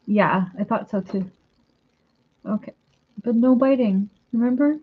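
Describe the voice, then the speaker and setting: A woman's voice: a little high, unhurried, long pauses, husky, phone-quality sound. A woman talking to her pet bird in a casual vlog, coaxing it in a sing-song baby-talk voice, recorded at home. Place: home room by a window.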